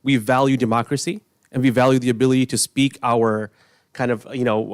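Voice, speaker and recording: A middle-aged man giving an earnest, emotional public comment at a village board meeting, speaking with halting restarts. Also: medium pitch, flat delivery, clean tone, no room sound, studio quality.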